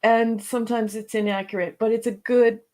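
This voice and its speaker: A woman's voice: on the high side, little pitch movement, fairly quick, darkish tone. A woman co-hosting a casual livestream podcast. She greets viewers and reads notes aloud in a chatty way. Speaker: podcast co-host.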